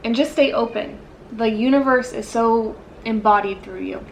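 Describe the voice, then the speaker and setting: A woman's voice: a little high, normal speed, creaky, slight background noise, rough recording. A woman giving a casual pick-a-card tarot reading, rambling and searching for words with lots of fillers, yawning now and then. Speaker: tarot reader.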